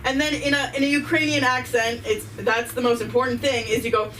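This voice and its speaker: A woman doing rambling, giggly stand-up at a live open mic, with a bright, sharp voice. She sounds set back from the microphone. A faint room noise sits behind her. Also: on the high side, fairly even intonation, a little fast, hardly any pauses, distant mic, rough recording. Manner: giggly, rambling, self-deprecating. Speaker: stand-up comedian. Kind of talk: stand-up comedy. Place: live open mic night at a comedy venue.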